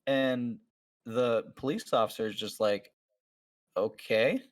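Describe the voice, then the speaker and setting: A man's voice: fairly low pitch, expressive, moderate pace. Casual man telling a long story. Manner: acts out the people in his story, many fillers. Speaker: podcast host.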